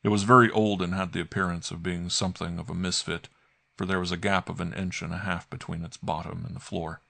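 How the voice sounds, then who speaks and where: A man narrating a mystery audiobook in a measured, even storytelling manner. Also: deep voice, vocal fry, dry recording. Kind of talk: scripted narration.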